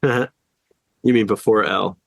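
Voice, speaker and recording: Rambling, laughing sick dad co-host. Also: male voice, fairly low pitch, fairly even intonation, takes it slowly, creaky, a little hiss or hum. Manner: rambling storyteller, acts out quotes, laughs often. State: sick, just woke up. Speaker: podcast co-host. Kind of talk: casual chat.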